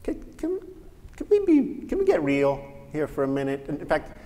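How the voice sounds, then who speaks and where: A man voicing a halting skeptical humanist. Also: a little high, huge pitch swings, warm tone, voice pushed up. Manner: hesitant, halting, candid. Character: skeptical adult male humanist in a joke. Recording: reverberant lecture hall, faint ambience.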